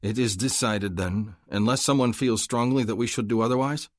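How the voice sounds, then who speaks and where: A man voicing a weary, steady male alien hunt leader in an audiobook, speaking with calm authority. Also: on the low side, moderate pace, no echo, clean studio sound, pitched above the performer's own voice, lightly acted. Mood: firm.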